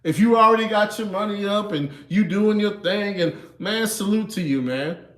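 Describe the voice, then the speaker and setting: A man in his thirties hosts a casual livestream in a reverberant space, his high, slightly bright voice moving at a moderate pace. He's laid-back and chuckles a lot, often ending lines with "you know" and "man".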